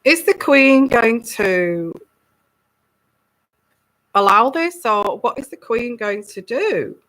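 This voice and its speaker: A woman's voice: fairly high pitch, animated, takes it slowly, fairly bright tone. A woman giving a live tarot reading, musing aloud, repeating words and acting out little quotes. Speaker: tarot reader.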